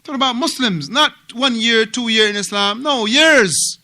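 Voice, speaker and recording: A man from Africa teaching a religious class at a mosque, animated and repetitive, often asking his students questions. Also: very high-pitched, normal speed. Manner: animated, repeats words and asks students questions.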